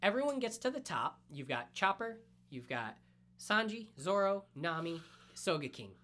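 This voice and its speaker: Excited man recapping a story. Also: sits high, normal speed. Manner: excited, animated storytelling with casual swearing. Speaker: podcast co-host. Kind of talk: casual anime recap chat.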